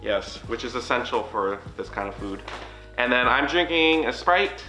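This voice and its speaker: A man co-hosts an eating show with a bright, forward voice, talking viewers through each dish in an easy, chatty way. His voice carries a roomy echo, with faint music playing underneath. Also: medium pitch, animated, moderate pace. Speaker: mukbang co-host. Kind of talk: casual chat.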